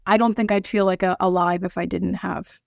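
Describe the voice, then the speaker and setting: A woman's voice: lowish voice, steady tone, creaky, a little mellow, no echo, studio quality. Earnest woman guest, heartfelt. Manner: earnest, heartfelt, halting with restarts. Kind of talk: heartfelt podcast interview.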